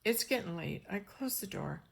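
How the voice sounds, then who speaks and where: An older woman telling a personal story in a rambling, animated way, acting out the dialogue. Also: mid-range voice, moderate pace, vocal fry, slightly rough. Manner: rambling, animated, acts out dialogue in shifting voices.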